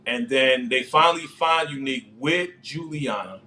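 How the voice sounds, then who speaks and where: A man hosting a casual live recap of a TV episode, excitable, laughing often and talking in heavy street slang. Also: medium pitch, normal speed. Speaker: TV show recap host.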